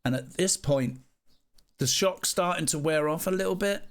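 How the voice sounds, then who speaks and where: Guy telling a wild story, voice a bit high, really gets into it, casual swearing. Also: moderate pace. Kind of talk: casual anecdote.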